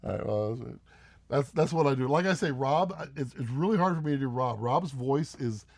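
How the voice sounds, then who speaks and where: A man's voice: medium pitch, animated, moderate pace, darkish tone, no room sound. A man hosting a casual live stream from home, reading viewer comments aloud and teasing them with frequent laughs. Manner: rambling, teasing, laughs often.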